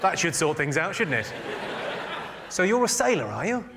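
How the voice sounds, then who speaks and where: High-pitched comedian roasting hecklers. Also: male voice, vocal fry, noisy background. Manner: quick deadpan put-downs of hecklers. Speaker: stand-up comedian. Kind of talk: stand-up crowd work. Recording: live theatre show, loud crowd laughter. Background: audience laughing and applauding.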